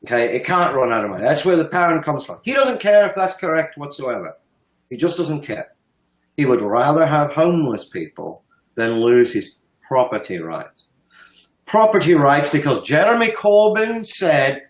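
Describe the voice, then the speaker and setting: A man's voice: on the high side, very animated, moderate pace, reverberant, rough recording. A man in his fifties giving heated, emphatic political commentary, sometimes swearing and laughing scornfully. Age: 50s. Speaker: guest commentator.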